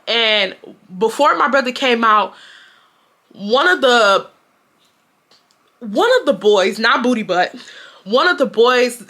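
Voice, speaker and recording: A young woman from Houston tells a storytime to her viewers, talking straight to them and acting out what people said. Her voice sits a little high and sounds bright and forceful. She is blunt and slangy and swears freely. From Houston, Texas, US. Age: 20s. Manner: animated, addresses viewers as "y'all", acts out quotes. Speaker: storytime vlogger.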